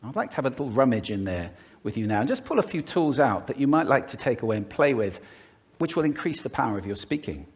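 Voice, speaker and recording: A man gives a polished public talk on speaking, his pitch roaming widely as he demonstrates each point. He is animated and demonstrative, speeding up, slowing down and shifting volume to show what he means. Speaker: speaker on voice and communication. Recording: played from a recorded talk.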